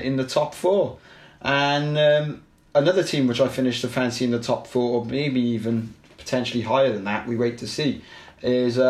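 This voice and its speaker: A man talks football on a casual podcast in a mid-range voice. He is opinionated and easygoing, often pausing with fillers and restarting his sentences. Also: mid-range voice. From Wales. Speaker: podcast co-host.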